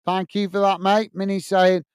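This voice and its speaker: Reading viewer comments on his live football watch-along, an English man chats in a casual, friendly way, full of filler uhs and calling people mate. His voice is high, level and clean at a moderate pace, recorded in a clean studio with no echo.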